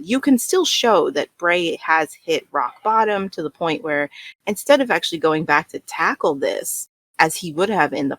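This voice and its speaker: A woman's voice: low voice, fairly bright tone, dry recording. A woman on a fan podcast panel, talking emphatically and critically in casual discussion.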